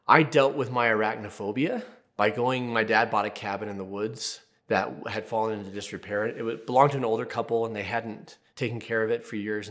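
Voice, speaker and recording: A man in his thirties with a slightly low voice, speaking to camera as a therapist giving advice. His delivery is casual and candid, and he tells personal stories with jokey asides. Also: fairly bright tone. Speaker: therapist, channel host. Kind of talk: advice video talking to camera.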